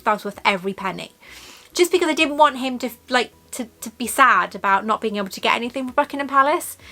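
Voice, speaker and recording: A woman vlogging in a chatty, storytelling way, full of asides about her shopping haul. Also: a little high. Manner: chatty and warm-hearted, storytelling with many asides. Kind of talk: casual shopping haul chat.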